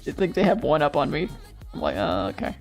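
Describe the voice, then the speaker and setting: Laughing, gravelly young woman streamer. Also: low-pitched, wildly swooping pitch, fast, darkish tone, soft background music. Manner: laughs often, swears freely, rambling and playful. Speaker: streamer and digital artist. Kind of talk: casual chat while drawing on stream.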